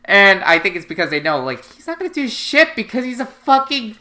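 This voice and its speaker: A woman's voice: a little high, big pitch swings, fairly quick, bright, forceful tone. A woman co-hosting a casual anime recap podcast, rambling with lots of fillers and casual swearing. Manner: rambling, filler-heavy and profane. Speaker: podcast co-host.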